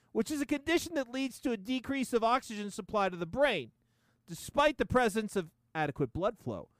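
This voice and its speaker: Casting: male podcast host, high, smooth voice, profane sarcastic rant, dry close sound. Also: fairly bright tone, no room sound. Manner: profane, sarcastic, laughing often. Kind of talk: casual comedic rant.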